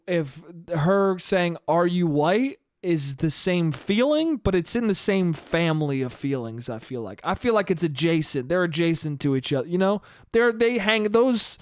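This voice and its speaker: A young American man riffs alone into the mic in a loose, swearing, rambling way, breaking into laughter now and then. His voice sits a bit high for a man. The sound is dry and close, with no room around it. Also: no echo. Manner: rambling, profane, laughs often. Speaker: podcast host. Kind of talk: solo casual monologue.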